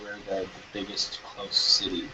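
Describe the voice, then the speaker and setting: A man's voice: low-pitched, monotone, normal speed. A man playing a tabletop game, asking for rolls in a matter-of-fact way. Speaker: player. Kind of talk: casual tabletop play. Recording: muffled recording with faint noise.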